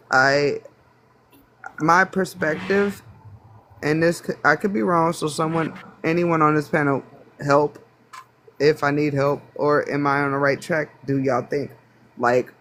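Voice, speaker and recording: A man from the United States speaking on a phone in a live online panel debate, halting and hedging, with many restarts. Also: on the high side, fairly bright tone, slight background noise. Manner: halting, full of restarts and self-doubt. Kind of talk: casual debate.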